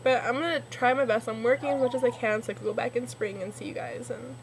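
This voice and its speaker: Young woman from nor cal, rambly emotional webcam talk, kinda high voice. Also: steady tone, fast, background noise. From Northern California. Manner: rambling, emotional, filler-heavy. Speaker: vlogger. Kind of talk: casual webcam vlog. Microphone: computer webcam.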